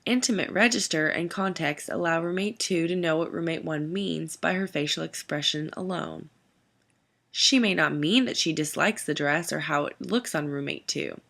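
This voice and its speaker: Low, gravelly woman narrating a lesson. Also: fairly bright tone. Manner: measured, reads lists of terms. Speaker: instructor. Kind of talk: scripted educational narration.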